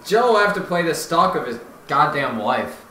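A young man doing casual esports play-by-play, knowledgeable and quick with game jargon, swearing casually. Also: on the high side, big pitch swings, pushed and bright. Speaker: play-by-play commentator. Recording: roomy echo with faint noise.

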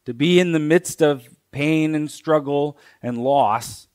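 A man preaching a sermon in a church, teaching slowly and deliberately, pausing and repeating key phrases. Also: on the high side, a little mellow. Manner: slow, deliberate teaching with pauses and repetitions.

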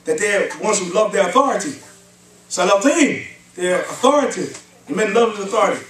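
Fast, high-voiced man lecturing in a mosque. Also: animated, a bit bright. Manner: quotes Arabic verses and asks rhetorical questions like "huh?" and "what?". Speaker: Islamic lecturer. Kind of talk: religious lecture. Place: mosque hall. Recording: echoey hall, mic at a distance, faint hiss.

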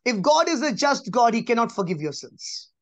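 A man giving a conversational Bible teaching, emphatic, repeating key phrases and dropping to a soft, low voice. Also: very animated, moderate pace, no room sound. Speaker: preacher.

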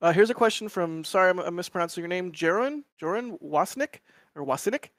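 A man's voice: high-pitched, quick pace, a bit bright, no room sound, studio quality. A man co-hosting a live show in casual chat, thinking aloud in a tentative way. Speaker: co-host, photographer.

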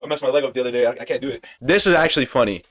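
A young man streaming, reacting to clips with excitable, slangy chatter and frequent laughter. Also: mid-range voice, very fast. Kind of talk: casual reaction stream chat.

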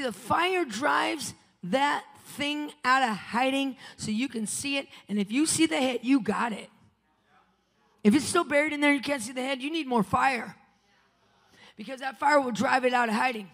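A woman preaching to a conference with a gravelly, fry-edged voice that rings out in a large hall with a long reverb. She tells her story with big jumps between loud declarations and hushed asides. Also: on the high side. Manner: testimony told with dramatic swings from loud to hushed. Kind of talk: live conference sermon. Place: conference venue.

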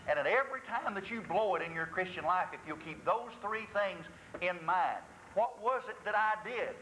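A man's voice: sits high, animated, moderate pace, pushed and bright, slight background noise, rough recording. A male pastor preaching a sermon in a church, asking rhetorical questions and acting out confessions.

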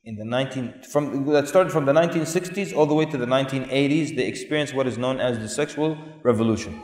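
A man's voice: mid-range voice, fast talker, a little mellow. Guy preaching to a crowd, asks them stuff, drops arabic words, big echoey hall. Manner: conversational, asks the audience questions; sprinkles Arabic words into English. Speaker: Islamic speaker. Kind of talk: lecture to a live audience.

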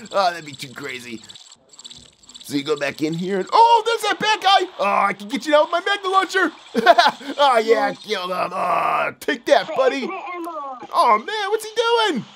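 A performer voicing an excitable, giggly male puppet who hosts a kids' game play show, laughing often and making boom and beep sounds. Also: a little slow, heavily acted. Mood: giddy. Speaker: host. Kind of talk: game play commentary for kids.

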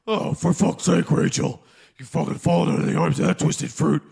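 A hotheaded caped crusader with a crushed, gravelly growl that has no clean tone left in it. He rants and pleads into a comedy voicemail, his pitch swinging up and down as he swears. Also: sing-song, normal speed, a little mellow, heavily acted. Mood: ranting.

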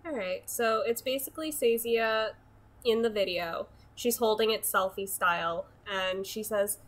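Woman game master narrating calmly. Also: mid-range voice, unhurried.

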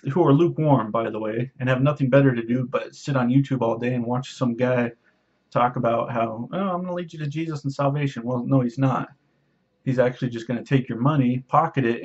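Man, YouTuber; husky, sarcastic, preachy rant. Muffled lo-fi. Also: mid-range voice. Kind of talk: casual rant to camera.

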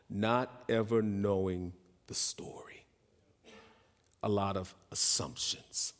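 A man preaching a sermon, telling stories and acting out the voices of the people in them. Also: big-room sound. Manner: storytelling, acts out quoted voices in a raised pitch. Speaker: pastor.

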